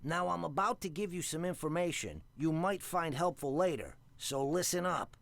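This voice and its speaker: A man voicing a formal, knowing ticket agent in a video game who speaks in measured tones. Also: fairly high pitch, vocal fry, fairly bright tone.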